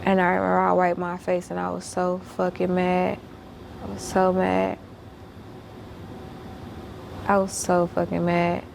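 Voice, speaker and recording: A woman's voice: on the low side, monotone, normal speed, vocal fry, darkish tone, a little hiss or hum. A woman telling a story as a guest. She speaks bluntly and emphatically, swears a lot, and repeats herself when worked up.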